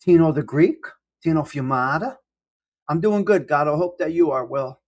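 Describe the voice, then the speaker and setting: A man's voice: fairly high pitch, expressive, normal speed, a little mellow. A man hosting a casual live-stream coffee chat, rambling and self-deprecating as he greets viewers by name. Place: indoors at home.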